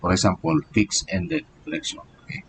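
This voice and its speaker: A man's voice: fairly quick, fairly bright tone, slight background noise. A man, an engineering professor, giving a live online lecture and explaining step by step, with many "okay" and "so" fillers.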